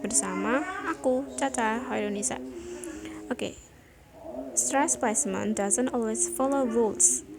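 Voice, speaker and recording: A young woman with an Indonesian accent, a student giving a class presentation in a chatty, relaxed way, often explaining things again in her own words. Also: a little high, a little slow, creaky, poor audio. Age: young adult. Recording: music playing behind.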